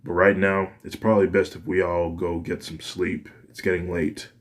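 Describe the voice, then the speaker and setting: A man voicing a calm young man, a sensible older brother, in a fan story. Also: sits low, moderate pace.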